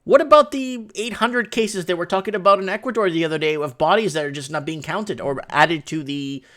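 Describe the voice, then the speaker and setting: A man's voice: high-pitched, a little fast, a bit bright. A man hosting a casual online show, chatting loosely as he reacts to foreign news clips and translates them on the fly. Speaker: host. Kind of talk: casual commentary over live news.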